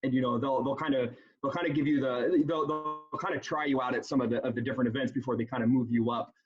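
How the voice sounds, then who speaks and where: A man who works as a basketball emcee, telling an embarrassing story in an animated, rambling way, often restarting his sentences. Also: mid-range voice, fast talker, husky, faint music behind. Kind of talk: casual storytelling on a panel. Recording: dull lo-fi sound.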